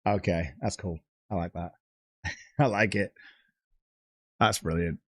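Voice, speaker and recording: A man's voice: fairly low pitch, fairly bright tone, dry recording, studio quality. A man ranting on a livestream, blunt and heavily profane, reading out chat messages. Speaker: streamer.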